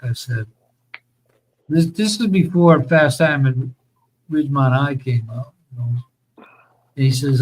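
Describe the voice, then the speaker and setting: A man's voice: medium pitch, moderate pace, long pauses, poor audio. A man telling rambling, profane stories about his school days in a casual chat, laughing as he goes.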